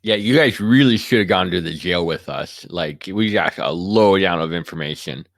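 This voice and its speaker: Lowish guy playing a game, dry sound, kinda teasing, stammers a bit. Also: moderate pace, gravelly, no echo. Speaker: player. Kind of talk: casual in-character play.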